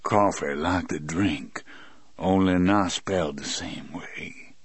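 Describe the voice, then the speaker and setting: A man reading a huge, grieving, simple-minded man with a thick, tear-clotted voice, soft and halting. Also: rumbling low, fairly even intonation, dry recording, full character voice. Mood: tearful, dazed. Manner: slow, halting, soft-spoken. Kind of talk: audiobook character voice.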